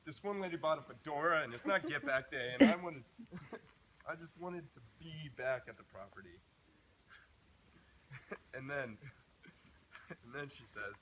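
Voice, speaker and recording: A man's voice: on the high side, sing-song, takes it slowly, pauses often. Young man telling a funny sermon story. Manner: humorous anecdotal telling with frequent restarts. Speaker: camp speaker. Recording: noisy live recording.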